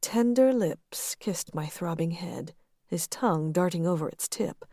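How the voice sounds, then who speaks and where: A woman narrating first-person fiction in an even, intimate reading. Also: on the low side, measured pace, dry recording, clean studio sound. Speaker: audiobook narrator.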